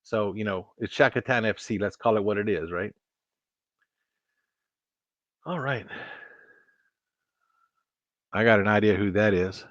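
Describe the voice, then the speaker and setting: A man's voice: fairly low pitch, normal speed, pauses often, a bit bright, no room sound, dull audio. Chatty man hosting a live stream. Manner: rambling, chatty, stammers and restarts. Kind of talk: casual live-stream chat. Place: home studio at a computer.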